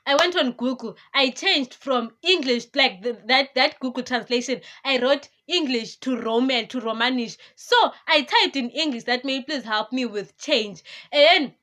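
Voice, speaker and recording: A woman's voice: high-pitched, normal speed. A young woman, telling a story casually to her vlog viewers and acting out what people said. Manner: animated, chatty, acts out voices of others. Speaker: vlogger.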